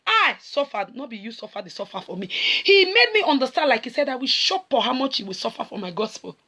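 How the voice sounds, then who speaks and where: A woman's voice: high-pitched, very animated, moderate pace, pushed and bright. A middle-aged woman with a Nigerian accent, preaching a sermon and switching between Pidgin and English as she acts out scripture.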